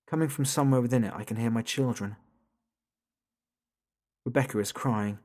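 A man narrating a thriller audiobook in the first person, as a father under strain. His voice stays at a middling pitch when he narrates and climbs sharp and loud in his panicked questions. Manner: tense and rising, pitch jumping up in panic on questions. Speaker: narrator, father of small children.

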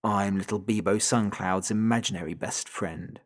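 A sinister, hungry entity on a toy phone, as a male reader puts it on, dropping low and quiet to taunt. Its voice comes thin and tinny over the line, and it drags out every threat with slow, smug calm. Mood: menacing. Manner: taunting, soft and slow, drawing out the listener's name. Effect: tinny and thin through a phone.

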